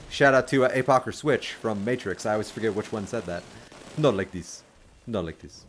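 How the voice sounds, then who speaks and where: Excitable rambling male game streamer. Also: on the low side, brisk, a little hiss or hum. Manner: excitable, rambling, lots of fillers and sudden outbursts. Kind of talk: casual livestream commentary. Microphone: desk microphone.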